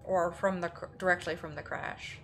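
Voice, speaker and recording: A woman's voice: on the low side, fairly even intonation, moderate pace, creaky, a little hiss or hum. A woman streaming a horror game live, reading notes aloud and reacting with sudden exclamations.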